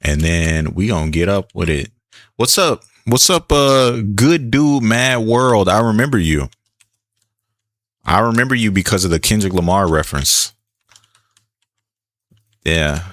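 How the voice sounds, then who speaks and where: Laid-back deep-voiced man streaming a game. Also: animated, measured pace, pauses often, a bit bright, no echo, studio quality. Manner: laid-back, chatty, reads chat aloud. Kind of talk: casual gameplay commentary.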